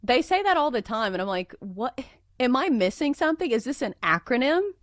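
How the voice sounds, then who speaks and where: Female radio host from the American South, animated pitch, chatty and laughing, slight runny nose, dry close mic. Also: fairly quick, no echo. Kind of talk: casual radio chat.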